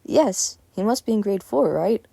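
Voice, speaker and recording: A woman's voice: lowish voice, animated, brisk, warm tone, no echo. Woman doing a sweet old neighbor lady. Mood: doting.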